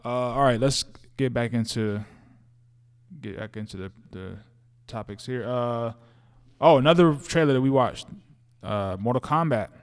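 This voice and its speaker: This is a man of ordinary pitch co-hosting a casual podcast about movies and TV. He talks in a loose, slangy way, stacks repeated words and restarts sentences as ideas come. The tone is relaxed banter between friends. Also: a little slow, clean tone. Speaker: podcast co-host.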